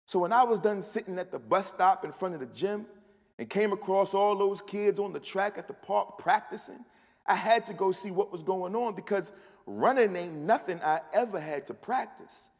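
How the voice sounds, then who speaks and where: A man's voice: sits high, moderate pace. A man, an author, giving a live, rhythmic first-person reading of his fiction in a large festival hall. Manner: rhythmic, storytelling delivery. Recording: long hall reverb.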